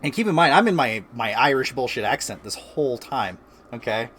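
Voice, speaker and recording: A man's voice: medium pitch, lively intonation, brisk, fairly bright tone. Chill guy rambling through a story at home, laughing a lot, slight background hiss. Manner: laid-back, laughs often, lots of filler words. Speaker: streamer and host. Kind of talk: casual storytelling chat. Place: at home by a fireplace.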